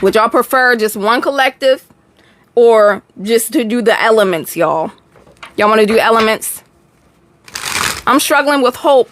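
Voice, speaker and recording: A woman's voice: a little high, normal speed, a bit bright, no echo. A young woman with a Texan accent, chatting casually with viewers while doing a live tarot reading. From Texas. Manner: chatty, slangy, talks to chat, laughs often. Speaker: tarot reader.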